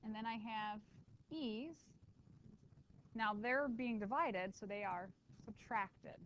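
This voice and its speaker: A woman math teacher lecturing a classroom, lively and quick with asides to her students. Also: on the high side, muffled recording, slight background noise.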